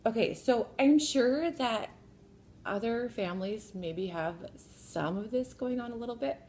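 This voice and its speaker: A woman's voice: mid-range voice, creaky, darkish tone, a little hiss or hum. A mother casually telling a family story from her kitchen bar, wry and laughing at herself. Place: sitting at a home kitchen bar.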